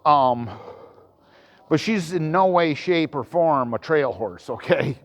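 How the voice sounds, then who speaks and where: A man's voice: fairly high pitch, lively intonation, slow. Rambling man talking while training a horse. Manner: rambling, hesitant, many restarts and ums; calls out loudly to the horse. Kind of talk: casual vlog talking while working a horse.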